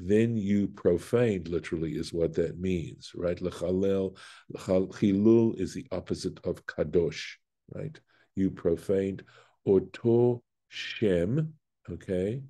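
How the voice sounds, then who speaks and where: A man's voice: low-pitched, dark tone. A man, a rabbi, teaching a Torah lesson, reading Hebrew aloud and explaining it step by step, with fillers and self-corrections. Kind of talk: Bible study lesson.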